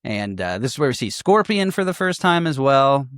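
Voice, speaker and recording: A man's voice: mid-range voice, big pitch swings, moderate pace, fairly bright tone, smooth, dry recording, clean studio sound. A man co-hosting a casual movie podcast, recapping scenes with frequent laughter, swearing and quoted lines. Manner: laughing, profane, retells scenes quoting characters. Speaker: podcast co-host.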